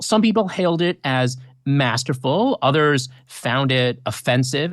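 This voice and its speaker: A man's voice: medium pitch, dry recording, clean studio sound. A man interviewing a lawyer, asking probing questions. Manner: probing, lively.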